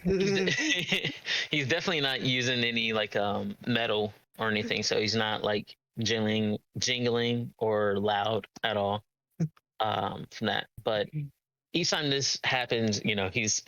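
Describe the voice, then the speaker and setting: A man's voice: lowish voice, unhurried, bright, forceful tone, no echo, low-quality recording. A man narrating as game master of a tabletop game, hesitant with many ums and uhs.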